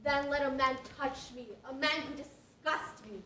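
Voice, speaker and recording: Actress for a desperate young maiden: high, anguished declamation, distant and echoey. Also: female voice, moderate pace, sharp tone. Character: desperate young woman fleeing forced marriage. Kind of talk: school stage play performance. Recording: echoey stage from far off, faint hiss.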